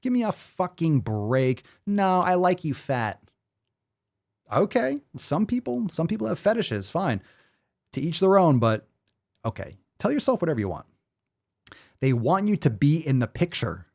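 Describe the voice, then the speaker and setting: A man's voice: a little high, big pitch swings, normal speed, gravelly, darkish tone. A man hosting a fitness show, ranting with sarcastic, profane disbelief in live-stream commentary. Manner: sarcastic, profane, incredulous rants.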